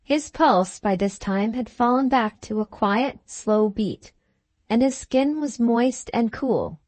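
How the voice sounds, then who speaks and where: A woman narrating a classic novel as an audiobook, in a measured, even storytelling manner. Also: fairly high pitch, dry recording.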